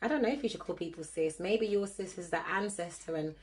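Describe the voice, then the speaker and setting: A woman with a fairly low voice, talking a little fast, hosts a casual livestream where she chats with viewers and reads cards. She laughs often and blends patois with London slang.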